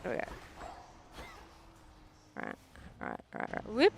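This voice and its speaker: A therapist streaming a video game, talking to themselves and to chat in frantic, joking bursts with sudden yelps and mock-calm reassurances. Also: mid-range voice, a little slow, gravelly, pauses often, slight background noise. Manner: self-mocking, joking calm under pressure. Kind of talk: live gameplay commentary with chat.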